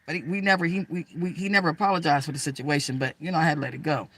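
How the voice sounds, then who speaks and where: Brassy, bright-voiced woman telling stories. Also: low voice, racing, no echo. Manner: animated, emphatic, addresses listeners as girl and y'all; slangy, profane, rambling. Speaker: storyteller. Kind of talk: casual personal storytelling.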